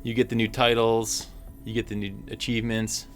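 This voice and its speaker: Low-voiced guy hosting a game livestream, chatty and upbeat, faint music under it. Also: monotone, moderate pace, fairly bright tone. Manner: chatty, upbeat, lots of fillers. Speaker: stream host. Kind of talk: casual livestream chat.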